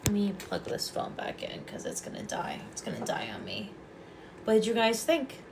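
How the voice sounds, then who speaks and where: A woman's voice: mid-range voice, wildly swooping pitch, normal speed, creaky, background noise. Chatty woman hosting a livestream. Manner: chatty, affectionate, rambling. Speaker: host and Reiki practitioner. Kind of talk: casual livestream chat.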